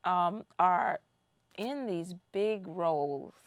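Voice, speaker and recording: An encouraging woman co-host with a lowish voice. She pauses and restarts to find her words, and the recording sounds dry and close. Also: no room sound. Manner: warm, encouraging, searching for words. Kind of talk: interview chat.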